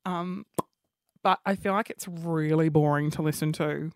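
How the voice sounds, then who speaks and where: A man with an Australian accent and a high-pitched voice chats on his solo podcast. He rambles and mocks himself excitably. The sound is dry and close. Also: measured pace, clear, resonant tone, dry recording. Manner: excitable, rambling, self-mocking. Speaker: podcast host. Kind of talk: casual solo podcast chat.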